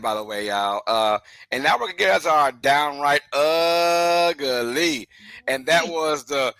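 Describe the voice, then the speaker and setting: Animated man co-hosting a sports podcast. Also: on the high side, no room sound. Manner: animated, laughing, rises to shouts when riled. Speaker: podcast co-host. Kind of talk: casual sports podcast chat.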